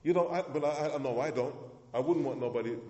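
A man's voice: fast talker, warm tone. A man preaching a sermon as pastor, emphatic and repetitive, pushing his voice up for emphasis. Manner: emphatic preacher, repeats words, rises in pitch for emphasis. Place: church hall. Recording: echoey hall.

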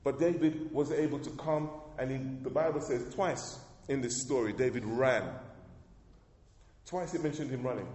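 A male pastor preaches a sermon to his congregation in a slightly higher-than-usual, somewhat mellow voice. He's emphatic, often calls for the room to respond, and repeats and restarts phrases, his words ringing through an echoey church hall with long reverb.

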